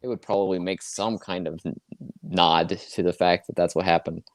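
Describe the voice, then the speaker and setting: A man as a guest in a casual chat, relaxed and a little hesitant. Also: low voice, moderate pace, dry recording, clean studio sound.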